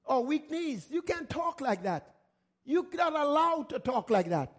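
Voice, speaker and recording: High-voiced emphatic male preacher. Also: very animated, a little slow, fairly bright tone. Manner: emphatic, repetitive preaching with rhetorical questions. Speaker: pastor. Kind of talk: sermon.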